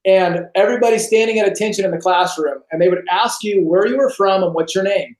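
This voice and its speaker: A man from California, a podcast guest telling his personal testimony over a video call, lively and acting out scenes. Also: high-pitched, fairly quick. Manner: animated storyteller, acts out scenes. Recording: roomy echo.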